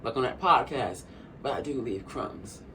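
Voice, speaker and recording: A woman's voice: extremely low pitch, lively intonation, moderate pace, sharp tone. A young woman vlogger chatting casually while eating, sassy and talkative, often calling the viewer honey. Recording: a bit distant from the mic, faint room hum.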